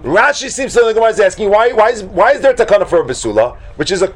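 A man leading a Talmud class, animated, acting out the voices in the debate and breaking into shouts. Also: sits high, rapid-fire. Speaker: Talmud teacher. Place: classroom with students.

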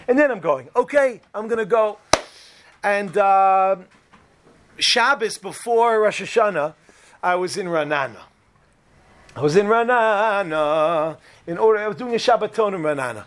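A man giving a talk, telling a humorous personal story in an animated, chatty way, restarting sentences and mixing in Hebrew terms. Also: high-pitched. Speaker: speaker giving Torah talks.

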